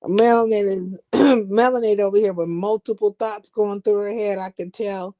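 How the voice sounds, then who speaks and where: A woman's voice: mid-range voice, fairly even intonation, normal speed, darkish tone. A woman chatting on a live stream in blunt, slangy, profane trash talk. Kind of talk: casual chat.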